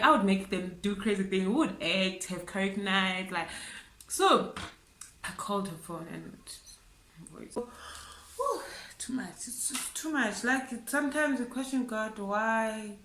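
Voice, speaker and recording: A woman from South Africa telling a grieving story to camera, halting and tearful, often repeating herself and saying "like" and "guys". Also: medium pitch, a bit bright, roomy sound, a little hiss or hum, rough recording. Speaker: vlogger.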